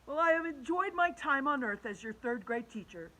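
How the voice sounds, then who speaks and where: A woman reading a storybook and voicing a gentle, kindly male alien teacher in an earnest tone. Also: high-pitched, lively intonation, moderate pace, pitched above the performer's own voice, rough recording. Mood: tender.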